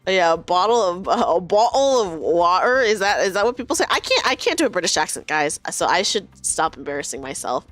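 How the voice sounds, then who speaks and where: A woman's voice: lowish voice, very animated, quick pace, few pauses, fairly bright tone, soft background music. A young woman streaming a game, chatting casually, giggling and reading the game's lines aloud.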